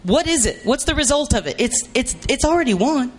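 A man preaching a sermon, emphatic and repetitive, rising to shouts for emphasis. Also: very high-pitched, animated, brisk.

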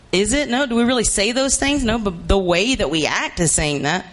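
A man preaching a sermon, emphatic and repetitive, rising to shouts for emphasis. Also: sits high, brisk, hardly any pauses.

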